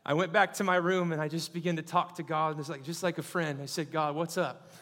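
A man's voice: fairly high pitch, fairly even intonation, fairly quick, big-room sound. A man in his thirties preaching a sermon, calling out to the congregation and building to fervent peaks. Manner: call-and-response, rising to fervent shouting.

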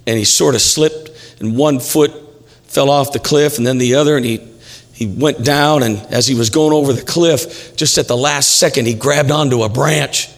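A man with a mid-range voice and a moderate pace preaches in a church sanctuary. As the pastor, he's emphatic and repeats himself, tossing in jokes, and the hall sounds reverberant.

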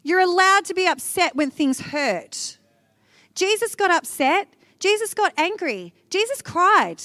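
Woman preacher, high voice, animated and conversational, dry close sound. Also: a little slow, no room sound. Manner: animated, conversational, addresses listeners directly. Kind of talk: devotional teaching talk.

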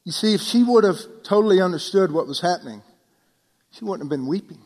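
A man with a high voice delivers a sermon in a church with long, ringing reverb. He talks casually, tosses rhetorical questions to the room, and drops almost to a hush to stress key points. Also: lively intonation, brisk. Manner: preaching with sudden drops to near-whisper for emphasis; conversational, asks the listeners rhetorical questions. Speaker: pastor.

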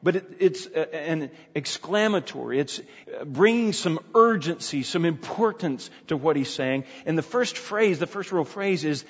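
A man's voice: fairly high pitch, animated, a little slow, husky. A man preaching an expository sermon, emphatic, repeating key phrases and often restarting sentences. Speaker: pastor. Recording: dull sound with long hall reverb.

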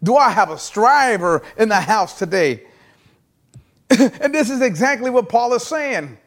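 A man's voice: sits high, expressive, measured pace, fairly bright tone. A male guest pastor preaching an online sermon, pressing listeners to repeat and type phrases back to him in call-and-response.

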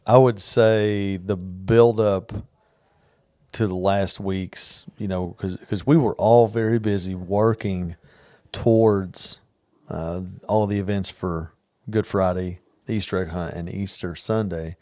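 A man co-hosting a casual podcast chat, telling stories in an earnest, animated way. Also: low-pitched, slow, no echo, studio quality. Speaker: podcast co-host.

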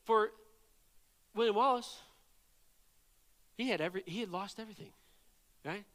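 A man preaching a sermon, telling a story in an animated way and often checking in with "right?" and "okay?". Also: high-pitched, moderate pace, in a large hall.

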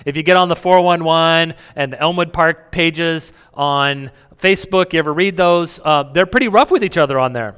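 A man's voice: on the high side, normal speed, hardly any pauses, fairly bright tone, clear, resonant tone. A man preaching a sermon as pastor, conversational, asking the congregation questions and chuckling between points. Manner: chuckles, many restarts. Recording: reverberant hall.

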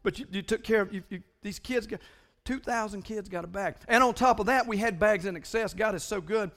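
A high-pitched man with a drawl preaches to his congregation. He talks in animated bursts, stumbling and repeating words as he builds up. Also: fairly quick. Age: older than most listeners. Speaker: pastor. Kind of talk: sermon.

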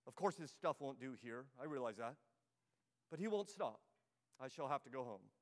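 A man's voice: mid-range voice, expressive, moderate pace, voice pushed down, natural voice. A man reading aloud as a dithering male ghost who hedges and makes polite excuses, with a long hall reverb behind him. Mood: evasive. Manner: hedging, evasive, politely flustered.

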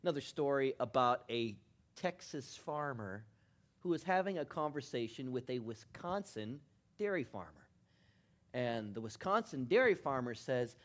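A man preaching as a pastor, who tells jokes and leads a prayer in a lively storytelling manner. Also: medium pitch, moderate pace. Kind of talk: sermon.

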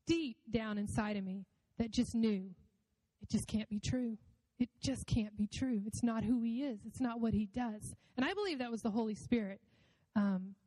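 A woman's voice: fairly high pitch, dark tone, no room sound, in a large hall, poor audio. A woman giving a personal faith testimony in an earnest, reflective and emotional way.

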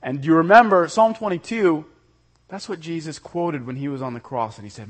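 Earnest preaching man, fairly high voice. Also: a little fast. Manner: earnest preaching, swinging between loud emphasis and soft intimate lows. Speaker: pastor. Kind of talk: sermon.

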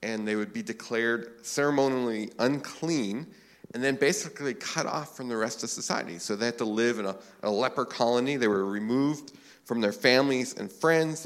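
A man preaching a sermon as a pastor, relaxed and conversational, with frequent filler phrases. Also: mid-range voice, normal speed.

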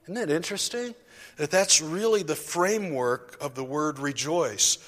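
A fairly high-pitched male pastor with a fairly bright tone preaches at a moderate pace. He speaks conversationally to his congregation in a church sanctuary, full of self-deprecating asides, as the hall reverberates at length.

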